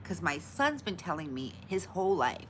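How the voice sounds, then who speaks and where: Low-voiced chatty American woman streamer. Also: sing-song, moderate pace, slight background noise, rough recording. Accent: mixed American, no fixed regional accent. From Long Island, New York. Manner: chatty, rambling, laughs often, reads out viewer names. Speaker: livestream host. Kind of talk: casual chat with live viewers.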